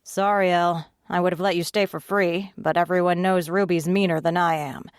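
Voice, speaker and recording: A woman's voice: lowish voice, steady tone, normal speed, clean tone, no echo, clean studio sound, lightly acted. A woman voicing an apologetic male shifter who owns a bar, speaking in a sheepish, easygoing way.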